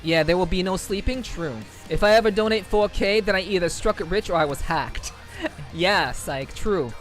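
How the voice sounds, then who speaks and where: At a moderate pace, a man with a high, light voice chats loosely with his stream audience, reading chat, swearing freely and repeating the same words. He rambles and laughs, and faint music runs softly in the background.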